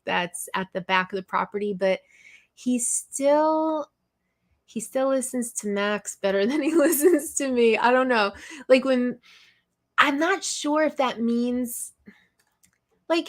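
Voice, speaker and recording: Woman, live-stream host, rambling casual chat, laughs a lot, slow pace. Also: a little high, fairly bright tone. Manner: chatty and rambling, laughs often.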